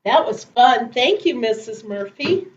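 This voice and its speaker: A woman teacher reading picture books and poems aloud to preschoolers in a slow, gentle, sing-song way. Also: fairly high pitch, animated, reverberant, highs cut off, soft background music. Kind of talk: children's storytime reading.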